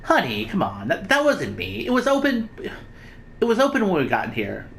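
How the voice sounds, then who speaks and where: A woman's voice: mid-range voice, huge pitch swings, normal speed. A woman reading game dialogue and commenting casually, self-mocking and hesitant. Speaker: gaming streamer.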